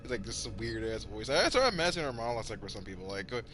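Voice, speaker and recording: A man's voice: fairly low pitch, big pitch swings, very fast, fairly bright tone, soft background music. A young man hosting a podcast in casual chat, rambling with lots of "like" fillers and swearing. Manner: rambling, heavy use of "like", swearing, laughing often. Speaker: podcast host. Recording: noisy background.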